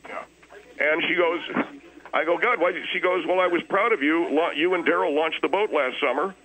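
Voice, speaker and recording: A man's voice: a little high, a little fast, pushed and bright, poor audio. A man playing a rambling, defensive boater who tells his mishaps at length. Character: middle-aged man, blustering hapless boater.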